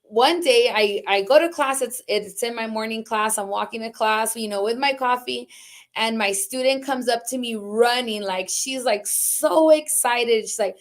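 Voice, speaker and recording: A woman in her thirties from Socorro, a high school teacher and department chair, talking casually on a video call with lots of fillers. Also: measured pace. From Socorro, Texas. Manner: chatty, many fillers like "like" and "um".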